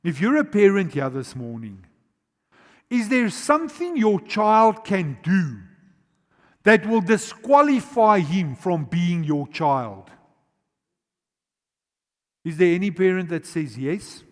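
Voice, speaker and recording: A man preaches from a church stage in a high, carrying voice that rings in a long hall echo. He climbs to loud, urgent peaks, then sinks into quiet, stretched-out words. He keeps putting questions straight to the congregation. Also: very animated. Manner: swings between loud urgent emphasis and quiet, slow, drawn-out words; asks the congregation questions directly. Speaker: pastor. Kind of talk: sermon. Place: large church auditorium.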